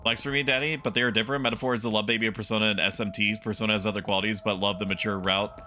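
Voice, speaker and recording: A young man streaming a horror shooter, chatting casually and breaking into loud, disbelieving yelps. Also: lowish voice, level tone, rapid-fire. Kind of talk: casual game stream commentary.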